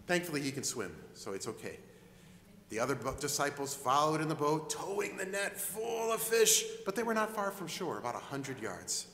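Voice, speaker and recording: A male pastor delivers a conversational sermon and acts out the story as he goes. His voice is high and bright. It echoes through a large hall with a long reverb. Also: big pitch swings, moderate pace, slight background noise.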